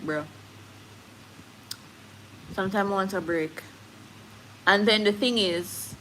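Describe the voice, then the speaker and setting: A Jamaican-accented woman chats candidly on a casual live stream, switching into patois and reading viewer comments. Her medium-pitched voice is a bit bright, and the poor audio carries slight background noise.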